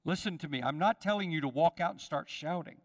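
A man's voice: fairly high pitch, quick pace. A man preaching a sermon to his congregation, calling out to them and acting out the voices in the story. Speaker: pastor. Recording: long hall reverb.

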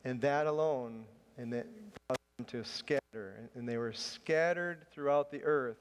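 A man's voice: mid-range voice, unhurried, clear, resonant tone. A man preaching a sermon to a room, mixing a chatty, self-deprecating personal story with scripture. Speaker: pastor. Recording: long hall reverb.

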